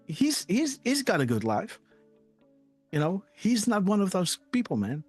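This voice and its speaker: Male live-stream host, slightly high and very expressive, casual emphatic read-through with faint music under it. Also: unhurried, breathy edge, dry recording. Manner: emphatic, repeats "right?" and "you know"; emotional, trailing off softly at ends. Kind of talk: casual commentary reading posts aloud.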